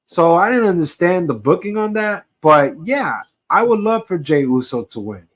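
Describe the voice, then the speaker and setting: A man's voice: high voice, expressive, moderate pace. A man co-hosting a casual wrestling podcast, giving blunt, opinionated takes with plenty of swearing. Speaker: podcast co-host.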